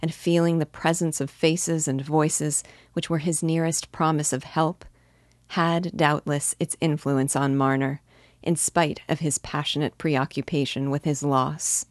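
A woman teacher reading a classic novel aloud in measured narration. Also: low voice, flat delivery, no room sound, studio quality. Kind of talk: audiobook narration.

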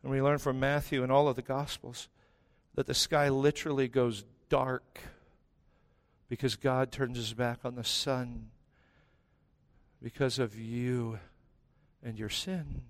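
A male pastor preaching a sermon with emphatic delivery, dramatic pauses and quiet, intense stretches. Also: mid-range voice, little pitch movement.

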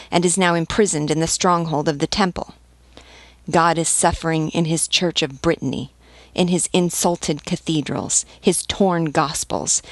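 A woman reading aloud, voicing an old nobleman who speaks calmly and persuasively. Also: low-pitched, no room sound. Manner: calm, measured, persuasive. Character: stern old nobleman, serene and commanding. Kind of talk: audiobook reading.

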